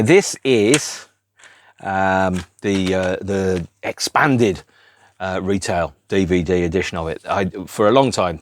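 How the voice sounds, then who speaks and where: Wry man with a very low voice. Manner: rambling, wry, self-deprecating. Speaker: podcast host. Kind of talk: unscripted solo podcast chat.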